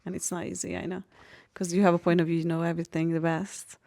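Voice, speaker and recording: A woman from Hungary, telling personal stories in a casual podcast chat, animated and laughing often. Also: fairly low pitch, quick pace. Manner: animated storytelling, laughs often, frank and expressive.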